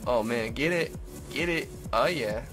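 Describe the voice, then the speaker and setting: Male gameplay commentator, giggly, rambling, unhurried, swooping voice, loud game music behind. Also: mid-range voice, expressive. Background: game music and sound.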